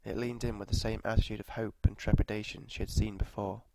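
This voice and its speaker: Gravelly, flat-voiced male storyteller. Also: fairly low pitch, fast talker, slight background noise, poor audio. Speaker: narrator. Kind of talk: scripted story narration with walking directions.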